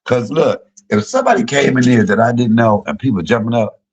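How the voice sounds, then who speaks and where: A middle-aged man, a comedian, telling profane, joking stories on a casual livestream and jumping high in pitch when he quotes people. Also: brisk, slightly rough, highs cut off. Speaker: comedian and YouTube cook.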